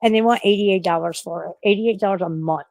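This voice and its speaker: A woman's voice: medium pitch, fast talker, darkish tone, dry recording. Woman streamer outdoors at night, breathless and scared, curses freely, dry close sound. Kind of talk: casual livestream chat.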